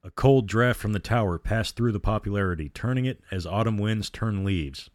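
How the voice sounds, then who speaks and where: A man with a low voice reads a horror story aloud at a measured, steady pace. The sound is dry and close to the mic, with no room around it. He stays calm and even as he reads. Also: no room sound. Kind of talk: reading a horror novel aloud.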